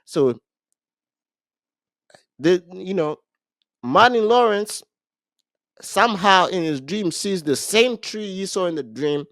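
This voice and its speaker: A man co-hosting a casual podcast, retelling a movie plot in an animated way, with frequent restarts. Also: sits high, takes it slowly, long pauses, no echo, clean studio sound. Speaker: podcast co-host.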